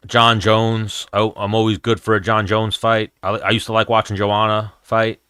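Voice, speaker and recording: A man's voice: on the low side, flat delivery, moderate pace, pushed and bright, clean tone, no room sound, clean studio sound. A man, hosting a casual MMA chat stream in a blunt, profane, rambling way. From New York, USA. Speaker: MMA show host answering chat.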